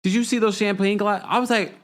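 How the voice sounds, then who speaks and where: A man hosting a live recap show, chatting casually, reading out viewer comments and gossiping with animated energy. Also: high-pitched, fast. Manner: animated, gossipy, mimics people in quotes. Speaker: podcast host.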